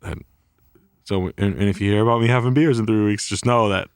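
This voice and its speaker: A man's voice: on the low side, steady tone, a little fast, clean tone, no room sound, studio quality. A man telling a rambling, profane story in a casual podcast chat. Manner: rambling and profane, heavy swearing. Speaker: podcast co-host.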